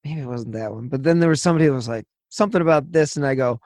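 A man's voice: medium pitch, racing, dark tone, no echo, clean studio sound. A man hosting a podcast, chatting casually in a blunt, profane, ranting way. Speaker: podcast host. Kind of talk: casual interview chat.

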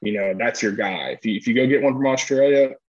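A man's voice: medium pitch, fast, dry recording, muffled recording. A man co-hosting a casual sports podcast, rambling and restarting often, laughing easily. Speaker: podcast co-host, former player.

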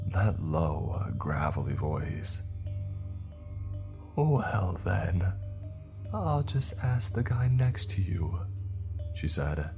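A man giving scripted horror narration as a storyteller, in a slow and measured way. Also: rumbling low, darkish tone.

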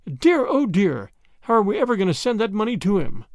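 A man's voice: high-pitched, big pitch swings, normal speed, darkish tone, dry recording, studio quality. A man voicing a kindly but stubborn old grandmother who talks earnestly and frets, in a storybook reading. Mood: eager.

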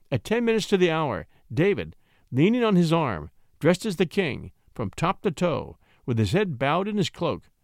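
Expressive male narrator of classic stories, slightly higher voice, wide swings. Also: no room sound, studio quality. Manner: dramatic, expressive storytelling. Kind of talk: audiobook narration of a classic story.

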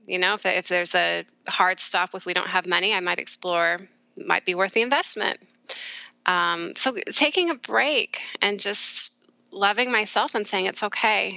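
A middle-aged woman, a therapist guest, speaking candidly and reflectively in a conversational interview, with soft laughs along the way. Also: medium pitch, gravelly, no room sound, rough recording. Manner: warm, reflective, often laughing softly.

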